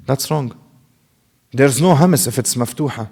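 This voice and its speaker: A man's voice: mid-range voice, fairly quick, darkish tone, husky. Man teaching with long hall reverb. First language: Arabic. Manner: corrective, demonstrates sounds by repeating them. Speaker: Quran recitation teacher. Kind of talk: tajweed lesson.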